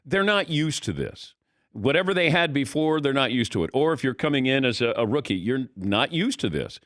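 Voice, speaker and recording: A man in his sixties hosts a sports talk show, his voice swinging lively up and down as he rambles on. He talks in a loose, conversational way into a studio mic. The sound is close and dry. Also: mid-range voice, a little fast, no room sound. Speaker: radio show host. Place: radio studio.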